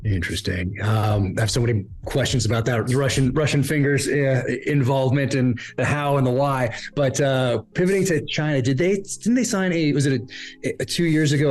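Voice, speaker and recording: A man hosting an interview, asking questions in a halting way with many pauses and restarts. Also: medium pitch, steady tone, a little mellow, soft background music. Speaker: interviewer host.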